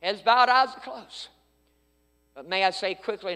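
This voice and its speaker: Man preaching, very high voice, bright and forceful, fervent, loud then hushed, long church reverb. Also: lively intonation, unhurried. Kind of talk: sermon. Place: church sanctuary.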